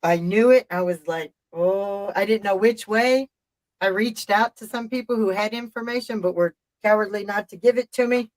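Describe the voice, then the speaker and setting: A woman's voice: medium pitch, normal speed, a little mellow, low-quality recording. Emphatic middle-aged woman telling a story. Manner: emphatic, profane, rambling retelling. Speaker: live-stream host. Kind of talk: casual storytelling chat.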